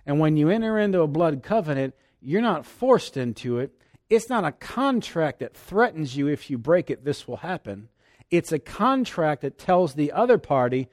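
A preacher delivers a sermon in a slightly high voice. He is emphatic, rising to loud declarations and dropping to hushed asides as he acts out the lines he quotes. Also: very animated, moderate pace.

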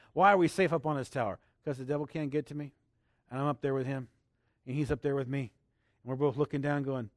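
A man preaching a sermon, exuberant and laughing, swinging between hushed and loud lines. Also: a little high, no echo, clean studio sound. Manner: leads congregation in a loud spoken declaration.

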